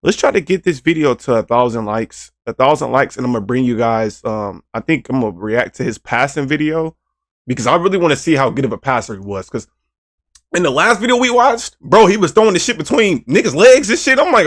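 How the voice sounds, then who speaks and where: A man's voice: mid-range voice, big pitch swings, fairly quick, no echo, clean studio sound. A man hosting a casual reaction video, speaking in slangy, profane, emotional bursts.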